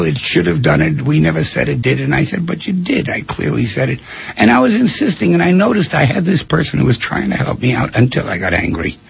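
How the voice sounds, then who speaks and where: A man giving a casual talk, telling stories in an animated way and acting out the voices in them. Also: medium pitch, creaky, husky, muffled recording. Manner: animated storytelling, acting out quotes. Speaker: speaker giving a talk on anger.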